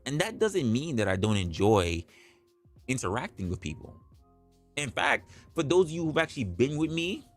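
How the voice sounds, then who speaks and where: A man's voice: medium pitch, big pitch swings, normal speed, soft background music. A man hosting a livestream, talking bluntly and casually with plenty of profanity. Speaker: livestream host.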